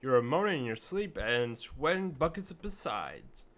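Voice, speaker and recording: A man's voice: medium pitch, sing-song, measured pace, fairly bright tone. A man reading as a folksy ship peddler. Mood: reassuring chatty. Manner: reading game dialogue aloud in a homespun, colloquial way. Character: folksy male ship peddler, chatty and reassuring.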